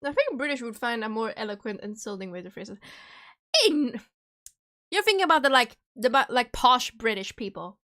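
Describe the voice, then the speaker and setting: A woman's voice: a little high, expressive, normal speed, bright, forceful tone. A young woman streamer chatting casually and jokingly while chewing candy, rambling through her thoughts. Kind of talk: casual livestream chat.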